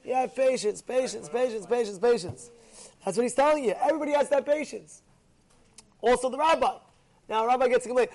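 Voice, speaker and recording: A man with a very high voice delivers an animated Torah lesson at a quick clip. He keeps repeating key words for emphasis and acts out the people in his examples. Hebrew and Yiddish words come up throughout his English. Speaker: rabbi teaching a Torah class.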